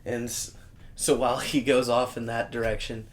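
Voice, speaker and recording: A man's voice: mid-range voice, little pitch movement, normal speed. Joking man riffing on a movie. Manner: joking, crude quips and punchlines. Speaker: podcast co-host. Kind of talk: casual movie recap chat.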